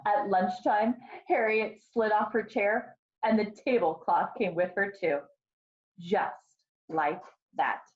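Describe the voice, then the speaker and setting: A kindergarten teacher reads a picture book aloud to her class, slowly and expressively, stopping to ask the children questions. Her voice is medium-pitched, the highs are cut off, and there's slight background noise.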